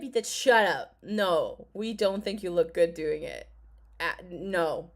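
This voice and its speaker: Reacting to a video in a casual chat, a woman in her thirties who does commentary videos speaks slowly in a lowish voice. She's blunt and sarcastic, with plenty of swearing and laughter.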